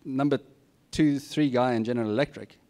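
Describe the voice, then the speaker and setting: A man's voice: medium pitch, brisk, darkish tone. Candid, plain-spoken male speaker. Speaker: guest speaker. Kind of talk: informal advice talk to students.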